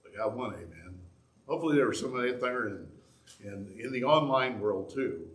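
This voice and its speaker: A man's voice: mid-range voice, lively intonation, brisk. A middle-aged male pastor giving a conversational sermon with asides and restarts in a church sanctuary. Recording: echoey church room.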